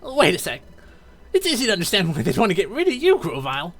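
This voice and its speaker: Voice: mid-range voice, wildly swooping pitch, quick pace, fairly bright tone, pitched above the performer's own voice, heavily acted. A streamer voicing an earnest young creature hero who sounds alarmed and pleading.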